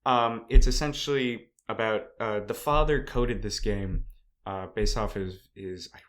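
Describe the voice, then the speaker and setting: A man co-hosting a podcast in casual chat, talking in halting restarts full of fillers. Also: on the low side, fairly bright tone. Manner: talks in halting restarts, heavy "like" and "um". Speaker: podcast co-host.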